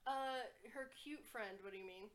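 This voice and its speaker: A woman narrating as game master in a tabletop game, relaxed and hesitant with many fillers. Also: fairly high pitch, moderate pace.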